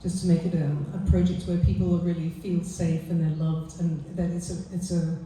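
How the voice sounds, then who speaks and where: A woman author speaking softly and earnestly at a book launch, often pausing with fillers. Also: on the low side, level tone, a little hiss or hum. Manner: soft, heartfelt, halting with fillers. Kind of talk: conversational talk and poetry reading. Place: event venue. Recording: echoey room from far off.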